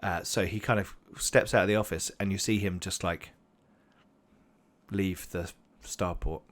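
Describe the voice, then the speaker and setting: A man's voice: deep voice, fairly even intonation, a little slow. A man narrating a tabletop game as game master, rambling with many fillers.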